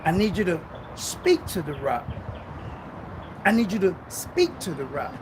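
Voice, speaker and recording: A man's voice: sits high, wildly swooping pitch, measured pace, background noise, pitched below the performer's own voice, exaggerated voice. A man voicing God as a stern, commanding male figure who scolds and warns. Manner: scolding, warning.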